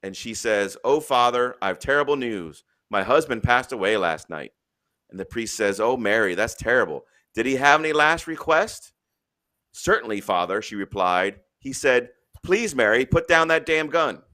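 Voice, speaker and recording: A man's voice: medium pitch, animated, normal speed, sharp tone. A man hosting a live stream, talking bluntly and profanely in an opinionated rant, then telling jokes and reading a news story aloud. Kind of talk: opinionated casual talk.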